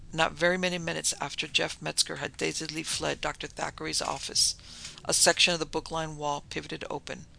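A man narrating a thriller in a measured, dramatic reading. His voice is strongly gravelly and bright with a tense edge, pitched a little high for a man. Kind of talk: scripted narration of a thriller story.

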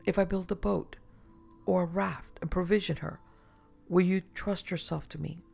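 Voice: medium pitch, steady tone, moderate pace, gravelly, darkish tone, faint music behind. A reader voicing a lonely, earnest castaway man in an audiobook, pleading eagerly. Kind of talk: audiobook reading.

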